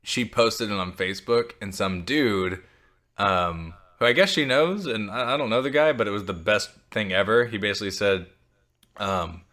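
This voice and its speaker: A man's voice: fairly low pitch, normal speed, bright, forceful tone. A man co-hosting a podcast from home, chatting casually with jokes, self-mockery and casual swearing. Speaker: podcast co-host. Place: home, dog on the couch beside him.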